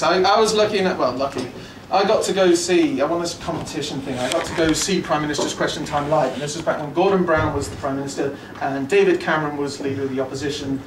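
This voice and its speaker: A young man doing a stand-up comedy set, rambling and swearing, jumping to loud punchlines, from England. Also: on the high side, a little hiss or hum. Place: comedy club stage. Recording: roomy club recording from far off. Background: audience laughter.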